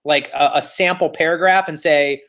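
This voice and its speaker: A man's voice: on the high side, fairly even intonation, normal speed, fairly bright tone. A man teaching a live online real estate exam class, playful and teasing, walking students step by step and cheering them on.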